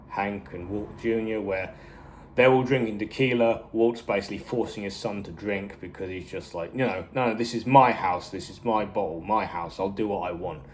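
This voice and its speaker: A man giving a casual review of a TV series, rambling off on tangents and acting out characters' lines in quick bursts. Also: mid-range voice, a little mellow.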